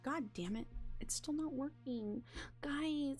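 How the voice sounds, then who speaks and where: A young woman streaming a game, chatting in a rambling, excitable, self-mocking way. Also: high-pitched, measured pace. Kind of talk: casual live-stream chatter.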